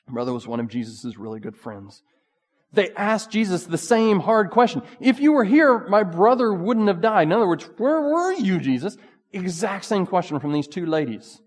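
A man preaching a sermon in a relaxed, conversational way, full of asides. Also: on the high side, big-room sound. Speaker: pastor.

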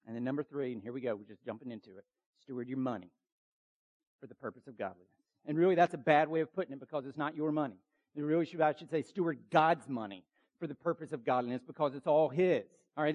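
A man preaching a sermon as pastor, urgent and emphatic, with quick asides to the congregation. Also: fairly high pitch, a little mellow, muffled recording.

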